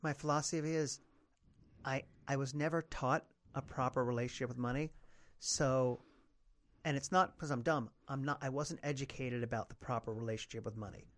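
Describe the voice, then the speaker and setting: A middle-aged male comedian telling stories in a casual podcast conversation, animated and freely profane. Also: mid-range voice, moderate pace. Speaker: comedian guest.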